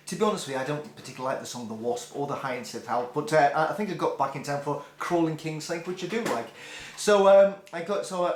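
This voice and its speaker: A man's voice: fairly high pitch, reverberant, a little hiss or hum. A middle-aged man telling a rambling, self-deprecating concert story with many restarts. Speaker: music vlogger. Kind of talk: casual storytelling.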